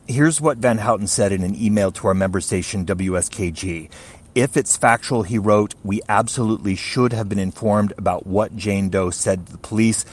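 A man correspondent giving a steady radio news report. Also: fairly low pitch, normal speed, breathy edge.

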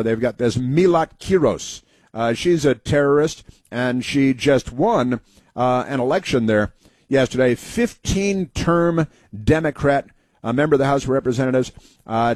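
A man's voice: mid-range voice, a little mellow, dry recording. Dry-voiced rambling talk show host man. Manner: rambling anecdotes, mocking political commentary. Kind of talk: casual talk radio monologue.

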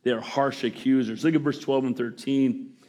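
A man's voice: medium pitch, fairly even intonation, normal speed, darkish tone, highs cut off. A middle-aged male pastor preaching a sermon, asking the crowd for amens and acting out the voices he quotes.

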